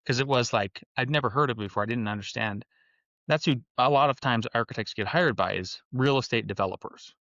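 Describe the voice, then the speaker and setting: Forties male guest, lively storyteller, dry dull audio. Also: medium pitch, a little fast, no room sound. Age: 40s. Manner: animated storyteller, acts out quoted dialogue. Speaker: podcast guest, architect and entrepreneur. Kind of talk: casual storytelling interview.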